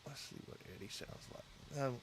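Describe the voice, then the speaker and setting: A man's voice: moderate pace, slight background noise. A man hosting a casual livestream, rambling and talking straight to his chat viewers from a home setup. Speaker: livestream host.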